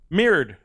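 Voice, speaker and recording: A man doing a stand-up comedy set, an animated storyteller who laughs at his own jokes. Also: high voice, slightly rough.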